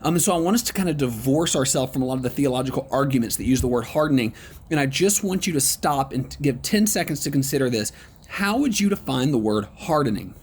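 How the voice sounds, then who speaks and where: With a mid-range voice and lively intonation, a man guides an online Bible study lesson, chatty and encouraging, filled with ums and pauses. A slight hiss or hum can be heard.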